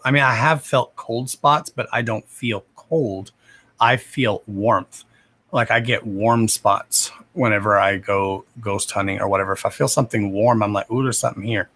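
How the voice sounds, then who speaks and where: A man's voice: medium pitch, fairly bright tone. A young man hosting a psychic reading livestream, chatting casually with viewers by name, swearing freely and laughing often.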